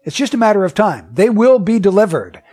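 A man's voice: sits high, big pitch swings, a little fast, darkish tone, breathy edge. A man preaching a sermon. He reads scripture aloud, asks the listeners many questions, and repeats his points with emphasis. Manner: emphatic and repetitive.

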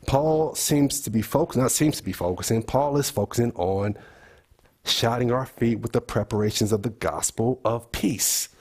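A man's voice: mid-range voice, normal speed, darkish tone. A man leading a bible study group, thinking aloud and putting questions to the group.

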